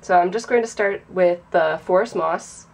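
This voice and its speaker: A young woman hosting a casual craft tutorial, sounding nasal from a sinus infection and explaining in a chatty, relaxed way. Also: on the low side, moderate pace, gravelly.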